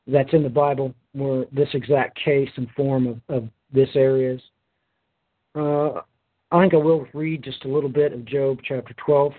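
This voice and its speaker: A man's voice: mid-range voice, steady tone, a little slow, narrow, tinny audio. A tired man teaching a Bible lesson, reading scripture aloud and then explaining it with frequent hesitant fillers. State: tired, yawning.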